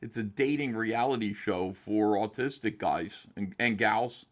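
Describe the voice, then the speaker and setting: A man's voice: lowish voice, measured pace. Joking man on a video call. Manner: joking, provocative, rambling with restarts. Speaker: guest. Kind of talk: casual chat.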